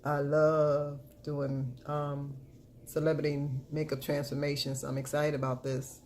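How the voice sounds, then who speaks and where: A woman's voice: unhurried, slight background noise. A woman beauty vlogger talking through a makeup tutorial in a casual chat, often murmuring as she works and repeating catchphrases. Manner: repeats catchphrases, bursts into loud excited chanting; low murmured narration while working.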